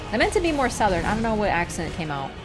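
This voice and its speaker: A woman's voice: mid-range voice, fast. Chatty young woman streaming a game. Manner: chatty, rambling and excitable, with sudden swearing outbursts. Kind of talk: live gameplay commentary. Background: game music.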